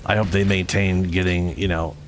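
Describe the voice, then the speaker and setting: A man's voice: low-pitched, flat delivery, moderate pace, background noise. A man streaming a game, talking casually in a profane, ranting way and often correcting himself. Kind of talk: casual gameplay commentary.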